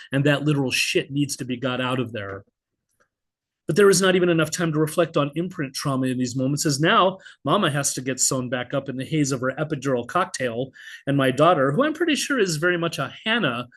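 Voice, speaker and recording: Over a video call, a middle-aged poet with a mid-range voice reads his own work in an expressive spoken-word style. His lines are blunt and vivid, with occasional swearing.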